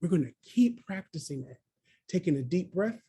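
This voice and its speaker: A man's voice: fairly high pitch, lively intonation, normal speed, dark tone, breathy edge. A man training early childhood staff in a webinar on a video call, talking in an encouraging way and coaxing listeners by name. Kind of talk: webinar presentation.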